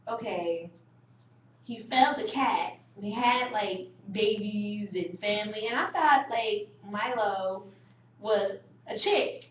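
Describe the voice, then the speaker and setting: On echoey, distant, dull webcam audio with a little hiss or hum, a young mother speaks in a mid-range voice at a slow pace. Chatting casually in an indoor room, she animatedly retells movie scenes and laughs often.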